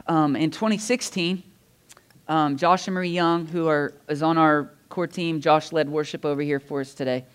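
A male pastor delivers his sermon like a chat with friends. He has a slightly high, clean, smooth voice and tells stories with lively asides and quick laughs. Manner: animated, conversational storytelling with laughs and asides. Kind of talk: sermon storytelling. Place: church.

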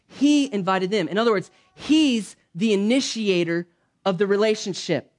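At a moderate pace, a man preaches conversationally from a church pulpit as pastor. Some lines come out loud and forceful, while others sink into soft, low asides.

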